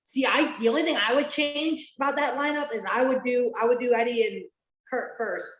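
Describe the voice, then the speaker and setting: A woman's voice: fairly high pitch, fairly quick. A woman hosting a casual podcast, rambling with many fillers and restarts and casual swearing. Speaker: podcast host. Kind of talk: casual chat, watch-along podcast. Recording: roomy echo.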